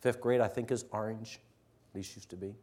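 A middle-aged man, a teacher addressing fellow teachers, telling a story earnestly, swinging from loud emphasis to hushed near-whispers. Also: lowish voice, steady tone, fairly quick. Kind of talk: storytelling talk to an audience.

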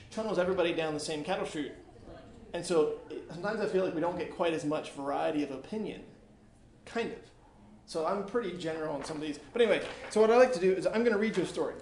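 Male teacher, high voice, reads a story aloud to the class with chatty asides, echoey classroom. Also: fast, a little mellow. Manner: casual, chatty asides between passages. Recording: echoey room with faint noise.

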